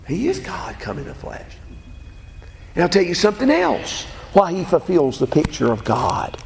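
High-pitched preacher guy giving a sermon, very lively, echoey church sound. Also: normal speed, vocal fry. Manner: emphatic preaching, quotes scripture aloud. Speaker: pastor. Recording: echoey hall with faint ambient noise.

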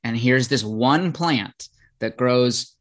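A man's voice: mid-range voice, slow pace. A man speaking as a guest in a casual conversation, thoughtful and restarting his sentences often with "you know". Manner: thoughtful, repeats words, frequent "you know". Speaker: podcast guest, cannabis educator.

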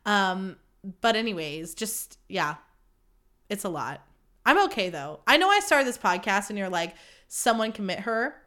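A young woman hosting her own podcast, ranting candidly about dating, dramatic and self-mocking, swearing freely and swinging between loud outbursts and low mutters. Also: big pitch swings, measured pace. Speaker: podcast host. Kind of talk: candid solo podcast monologue.

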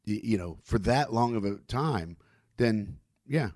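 A man's voice: on the low side, lively intonation, unhurried, darkish tone, dry recording, clean studio sound. A man hosting a casual chat, cutting in with wry remarks.

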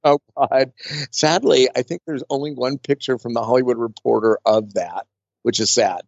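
A man's voice: medium pitch, moderate pace, vocal fry, darkish tone, no echo. Chatty rambling man, dull dry sound. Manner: chatty, rambling, full of fillers and restarts. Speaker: makeup artist guest. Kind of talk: casual storytelling interview.

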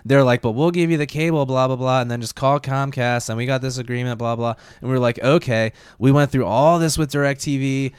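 Smooth-voiced man telling a story. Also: mid-range voice, fairly even intonation, a little fast, hardly any pauses, dry recording. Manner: storytelling, rambling with quoted asides. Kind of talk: casual podcast chat.

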